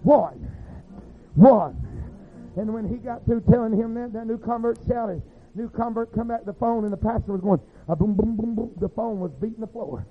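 A man preaching a sermon, telling stories in a rhythmic, folksy way that swings from hushed to shouting. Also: sits high, fairly quick, hardly any pauses. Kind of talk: sermon storytelling. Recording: tinny phone-like sound with faint music.

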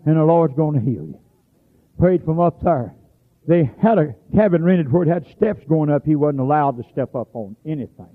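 Folksy preacher on a tinny old radio recording. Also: male voice, fairly high pitch. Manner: folksy storytelling, bursts into shouts. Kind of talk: sermon.

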